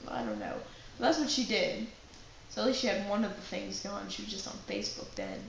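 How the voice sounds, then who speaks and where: A young woman telling a personal prank story to her acting class, with lively asides and a chatty delivery. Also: medium pitch, a little fast, vocal fry. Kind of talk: personal anecdote told to a class. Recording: very echoey room with faint background noise.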